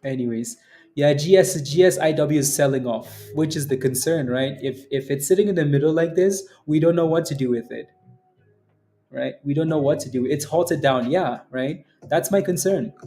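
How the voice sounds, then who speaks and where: On his relaxed day-trading livestream, a man with a fairly high, mellow voice chats about the market at a moderate pace over soft background music. He wanders from point to point, laughs a lot, and ends many sentences with "right?"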